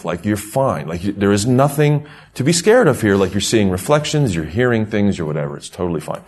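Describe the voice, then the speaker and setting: A middle-aged man casually telling a rambling, animated story, laughing through parts of it. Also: deep voice.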